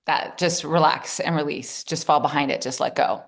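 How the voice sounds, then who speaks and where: A woman with a lowish voice, leading a book group. She offers brief encouraging replies and questions to the group. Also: steady tone, moderate pace. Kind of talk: casual group discussion.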